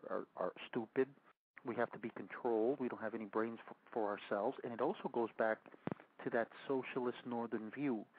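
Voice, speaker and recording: A man from Cuba with a New York accent, hosting political talk radio. He speaks emphatically and often repeats himself. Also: mid-range voice. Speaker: radio host. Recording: tinny phone-like radio audio.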